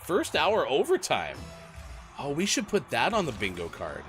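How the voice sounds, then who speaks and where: A man's voice: fairly high pitch, normal speed, faint music behind. A man co-hosting a gaming morning show, talking casually and energetically to the stream chat while getting over a cold. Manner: chatty, energetic, talks to chat directly. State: recovering from a cold, voice a bit worn.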